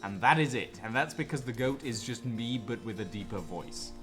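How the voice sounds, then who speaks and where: A man's voice: mid-range voice, expressive, normal speed. A man streaming a game, chatting casually with chuckling, self-mocking asides. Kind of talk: casual gameplay chat. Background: game music.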